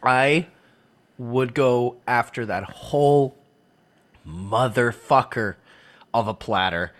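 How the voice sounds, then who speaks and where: Brief: relaxed male co-host, mid-pitched, casual jokes. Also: takes it slowly. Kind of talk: casual chat.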